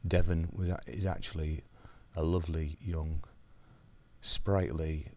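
A man recording a personal video diary from his hospital room, telling a story calmly with dry, wry humour. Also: rumbling low, a little slow, narrow, tinny audio. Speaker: video diarist in hospital recovery.

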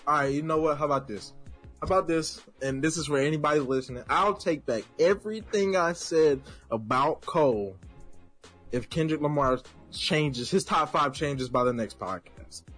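A man's voice: fairly high pitch, moderate pace, fairly bright tone, husky. A man co-hosting a podcast in casual chat, blunt and slangy, ranting about music. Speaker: podcast co-host.

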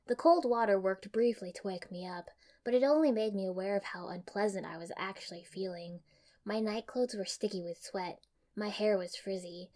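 A young woman reading fan fiction aloud in an expressive, even storytelling manner. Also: medium pitch. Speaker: audiobook reader.

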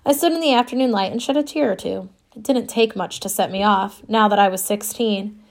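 Reading briskly in a mid-range voice, this woman narrates an audiobook in the first person. Her delivery of the scripted story has a wry, wistful quality.

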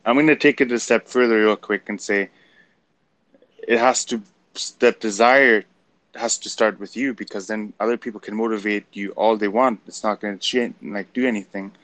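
A man's voice: lowish voice, fairly even intonation, moderate pace, a bit bright, dry recording. A man with a German accent, co-hosting a casual motivational chat and laughing easily. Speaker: co-host.

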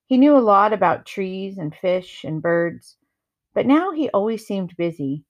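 A woman reading a first-person novel chapter aloud in a calm, measured storytelling manner. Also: mid-range voice. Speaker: reader.

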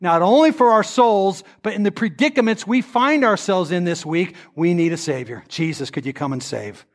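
A man's voice: high-pitched, lively intonation, normal speed, hardly any pauses. A male pastor preaching a sermon that builds into an impassioned altar-call prayer. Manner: impassioned, rising to fervent prayer.

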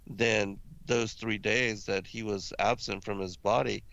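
Gravelly low-voiced man, halting speech. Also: fairly even intonation, a bit bright, no echo, highs cut off. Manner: halting, with many fillers and restarts. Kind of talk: casual religious discussion.

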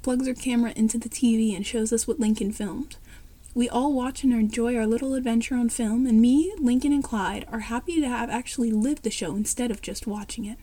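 Woman reading a fan story out loud, says names and stage directions, highish but mellow voice. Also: fairly even intonation, brisk. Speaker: story reader.

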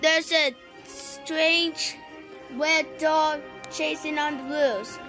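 Woman playing a toy news anchor, rambling, halting, high voice, very slow, bright tone. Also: steady tone, soft background music, exaggerated voice. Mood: urgent. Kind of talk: improvised toy play.

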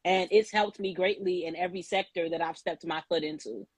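A woman's voice: on the low side, fairly even intonation, fairly quick, husky, dry recording, rough recording. A woman hosting a live podcast, chatty and outspoken, laughing often as she talks. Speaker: podcast host.

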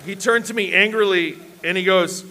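A man's voice: high voice, normal speed, sharp tone, slight background noise. A man preaching at a church worship service, telling self-deprecating, humorous personal stories to a congregation. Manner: self-deprecating, joking storyteller.

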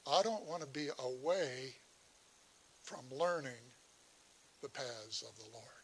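A man's voice: mid-range voice, slow, creaky, long pauses, breathy edge. A man preaching a sermon as pastor, often repeating and restarting words, then driving points home with rising emphasis.

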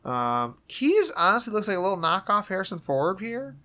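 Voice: medium pitch, brisk. Jokey podcast cohost, voice bouncing all over, drops the odd swear. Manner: animated, jokey, swears casually. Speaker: podcast co-host. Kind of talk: casual movie-rewatch chat.

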